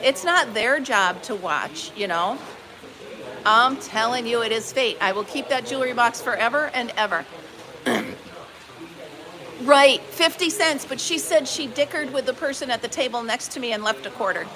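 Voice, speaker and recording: A woman from upstate New York hosting a live stream, telling a story in a casual, animated way and acting out quoted dialogue. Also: on the high side, moderate pace. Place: barn market booth. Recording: busy crowd noise behind.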